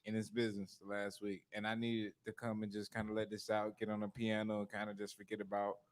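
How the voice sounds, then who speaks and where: A man, a guest keyboard player, speaking low-key and thankful, a bit weary. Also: completely flat delivery, fairly quick.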